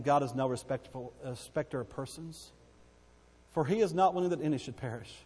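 A man delivers a church sermon in a somewhat raised voice, hammering phrases again and again. He swings from ringing cries down to hushed, quieter asides. His voice carries a long reverb, as in a sanctuary. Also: a little high, husky. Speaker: preacher.

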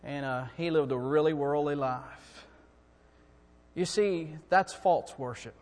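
A man preaching a sermon, swinging from quiet talk up to fervent, shouting peaks. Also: fairly high pitch, slow pace. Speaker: preacher and song director. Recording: long hall reverb.

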